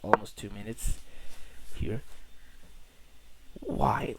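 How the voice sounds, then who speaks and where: A young man from Portugal casually talks through his own chess game, rambling, correcting himself and using slang. His lowish voice is very animated yet unhurried. He's recorded on a cheap, poor-quality mic with loud noise.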